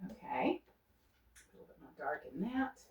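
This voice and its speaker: A woman's voice: deep voice, huge pitch swings, measured pace, a little mellow, a little hiss or hum. A woman talking through her painting as she works, thinking aloud and coaxing herself to stay loose and not fuss over details. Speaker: painter demonstrating. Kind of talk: unscripted painting demonstration. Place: art studio. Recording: roomy studio sound from a distance.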